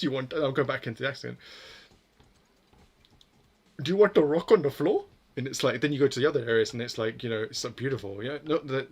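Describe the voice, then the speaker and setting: A man with a mid-range, fairly bright voice codes on a live stream. His casual chatter rambles, he swears without hesitation, and he pokes fun at himself.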